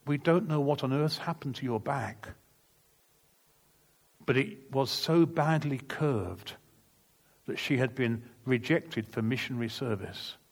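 Man, preacher, sermon, earnest, emphatic storytelling, medium pitch. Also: measured pace, long pauses, slightly rough. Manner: earnest, emphatic testimony with vivid retold dialogue.

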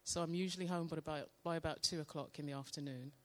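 Soft-spoken woman leading quiet prayer. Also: sits low. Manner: slow, calm, soft-spoken, meditative. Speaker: church member sharing testimony. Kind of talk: devotional testimony with guided prayer.

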